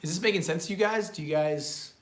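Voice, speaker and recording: A man's voice: a little high, fast talker, fairly bright tone, a little hiss or hum. Hesitant man asking questions, echoey room. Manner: asks questions, speaks hesitantly. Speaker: co-host of the class. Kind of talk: live online class.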